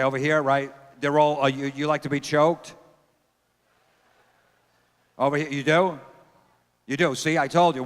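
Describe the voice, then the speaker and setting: A man doing a crude, deadpan stand-up comedy set, riffing with the crowd from a theater stage. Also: medium pitch. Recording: long theater reverb.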